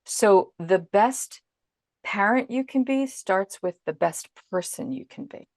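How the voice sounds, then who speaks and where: A woman parenting coach in a podcast interview, explaining calmly and acting out her own inner self-talk as examples. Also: mid-range voice, slow, no room sound, clean studio sound.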